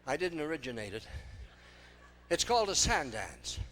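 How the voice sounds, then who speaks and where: A man's voice: on the high side, big pitch swings, normal speed, sharp tone, faint music behind. An older man doing breathless, self-mocking stage patter between dance numbers in front of a live audience. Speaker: song-and-dance entertainer.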